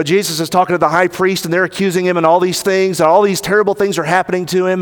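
Southern preacher in a reverberant hall. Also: male voice, on the high side. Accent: Southern American. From American South. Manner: dramatic retelling, acting out quotes with rising intensity. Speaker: pastor. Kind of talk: sermon.

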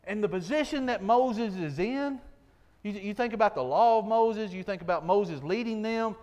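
A man's voice: sits high, lively intonation, moderate pace, a little mellow, dull audio. A man preaching a sermon in an earnest, folksy way, full of rhetorical questions.

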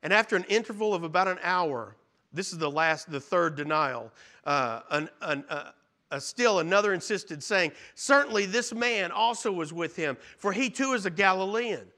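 A male pastor preaching with a high, bright, forceful voice. He retells scripture earnestly, rising to loud emphasis and dropping to hushed tones. The delivery is sermon-style throughout. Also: expressive, normal speed.

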